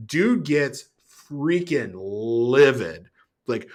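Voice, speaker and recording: Male podcast guest, middle-aged, casual and animated, with plenty of laughs. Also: mid-range voice, unhurried. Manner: animated, laughs often, acts out the quoted people. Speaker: former grocery store manager. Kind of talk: casual storytelling.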